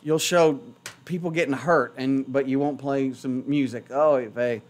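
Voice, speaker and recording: A man's voice: medium pitch, steady tone, unhurried. A man hosting a morning radio show in a studio, chatting casually and poking fun at himself as he rambles. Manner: rambling, self-mocking, chatty. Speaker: radio host.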